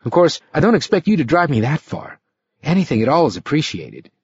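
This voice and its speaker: A nervous young hitchhiker, as a male storyteller puts him on, voice pitched up and pleading with worry in an audiobook reading. The recording sounds dry and a little muffled. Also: very animated, fairly quick, breathy edge, dry recording, heavily acted. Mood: friendly, uneasy. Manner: anxious, pleading, hesitant. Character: frightened young male hitchhiker, shape-shifter.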